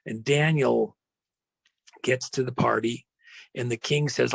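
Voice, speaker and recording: Guest storyteller, male, gravelly and husky, with a rambling, dramatic delivery. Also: medium pitch, fairly even intonation, no room sound, low-quality recording. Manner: rambling, with many fillers and dramatic slowdowns.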